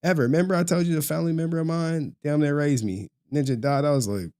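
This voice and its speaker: A young streamer with a slightly high, warm, smooth voice talks fast in a livestream rant. He's profane and mocking, frequently bursting into laughter.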